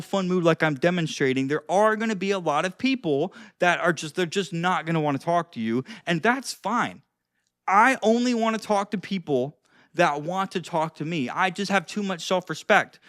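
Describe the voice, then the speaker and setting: High-voiced young man giving casual advice. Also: a bit bright, dry recording, studio quality. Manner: rambling, frequent "like" and restarts, demonstrates tones. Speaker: social skills vlogger. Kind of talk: casual advice vlog to camera.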